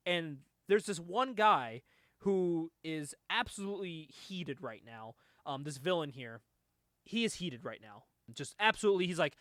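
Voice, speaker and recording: A man with a fairly high voice talks through a comic book story in a casual, rambling way. He laughs and swears freely as he goes. The sound is dry and close, with no room around it. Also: lively intonation, measured pace, fairly bright tone, dry recording. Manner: loose, chatty retelling with frequent laughs and swearing. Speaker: podcast host.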